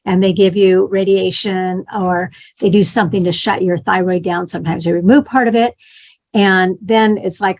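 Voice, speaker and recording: A woman's voice: mid-range voice, fairly even intonation, moderate pace, a little mellow. A middle-aged woman teaching a health class in a conversational way, checking in with her listeners and telling patient stories. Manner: conversational, tells patient stories, acts out quotes.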